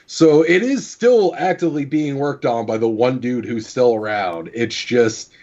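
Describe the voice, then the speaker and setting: A man co-hosting a gaming podcast who explains the news in casual chat, often pausing with "uh". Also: medium pitch, darkish tone. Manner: explaining with many fillers. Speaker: podcast co-host presenting news. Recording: slightly dull lo-fi audio.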